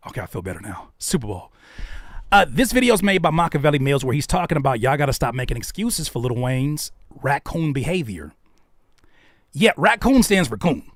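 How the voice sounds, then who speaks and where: Man, commentary host, lively pitch, fairly high, dry close sound, animated rants. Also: fairly quick, no echo. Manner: animated, swings from ranting to hushed. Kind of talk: reaction commentary.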